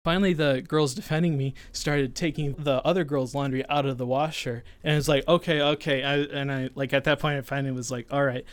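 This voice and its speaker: A man in his twenties casually telling a personal story, animated and acting out the people in it. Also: medium pitch, brisk, hardly any pauses, clear, resonant tone, no echo. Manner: animated, voices others in retelling. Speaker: storyteller guest.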